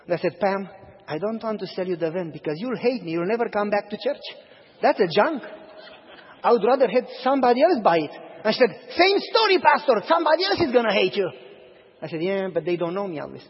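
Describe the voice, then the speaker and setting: A man's voice: high-pitched, moderate pace, breathy edge. A man preaching a sermon as a pastor, telling stories and acting out the dialogue in them. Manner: animated storyteller, acts out dialogue. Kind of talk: sermon with storytelling. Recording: dull audio, long hall reverb.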